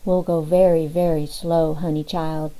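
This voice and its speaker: A lecherous middle-aged preacher, read by a woman, coos pet names in a syrupy, self-satisfied way. The voice is mellow and sits a little low. It is an audiobook reading. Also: flat delivery, a little slow, rough recording.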